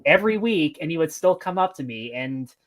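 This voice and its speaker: A man's voice: a little high, animated, fairly quick. A man in his twenties telling a wry, joking anecdote in casual chat.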